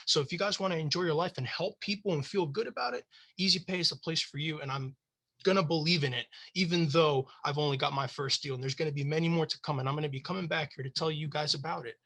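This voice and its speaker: A man's voice: on the high side, quick pace, vocal fry, sharp tone. A man giving an unscripted sales testimonial on a call, passionate and blunt, with some swearing and frustration. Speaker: guest sales partner. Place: online group call.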